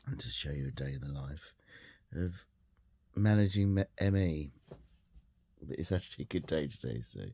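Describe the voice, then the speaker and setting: Soft-spoken man with a husky voice. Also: rumbling low, moderate pace, pauses often. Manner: baby talk to his dog, excited and loud. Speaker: vlogger. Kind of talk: casual vlog narration.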